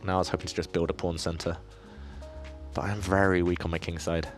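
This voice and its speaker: Deep-voiced man, thinking aloud. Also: little pitch movement, a little fast, faint music behind. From southeast England. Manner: thinks aloud, self-deprecating, chatty with viewers. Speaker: chess player and streamer. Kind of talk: casual live-stream commentary while playing.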